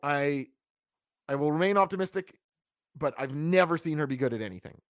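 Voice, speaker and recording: A man's voice: a little high, fairly quick, no room sound, clean studio sound. A man hosting a live wrestling review, blunt and opinionated, reading out chat comments. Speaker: wrestling review podcast host.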